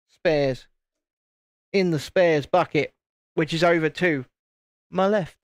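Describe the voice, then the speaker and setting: A man's voice: fairly high pitch, fairly even intonation, measured pace, long pauses, no room sound, clean studio sound. A man, hosting a casual live stream, chatting and teasing while he builds a model. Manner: chatty, teasing, self-deprecating.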